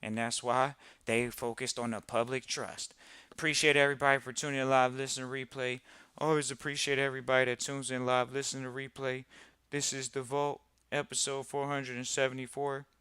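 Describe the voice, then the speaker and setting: A man hosting a live podcast in casual talk, animated and repeating phrases for emphasis. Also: medium pitch, brisk, clean tone, no echo. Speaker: podcast host.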